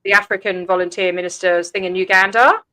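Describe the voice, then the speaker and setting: A woman hosting a casual livestream chat, animated and blunt, swearing freely and laughing quickly. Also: mid-range voice, no room sound. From Australia. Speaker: livestream host.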